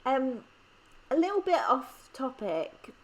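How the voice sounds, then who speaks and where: A woman's voice: sits high, big pitch swings, slow pace. A woman in her thirties from England with an English accent, chatting casually and rambling with many ums while she plans. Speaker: planner vlogger. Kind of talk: casual chat while planning.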